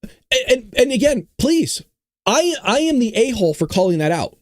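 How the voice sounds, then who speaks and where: A man from California hosting a casual political commentary livestream, talking in an animated, sarcastic way with mock-dumb asides. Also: very high voice, normal speed, dry recording, clean studio sound. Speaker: host of a livestreamed political talk show.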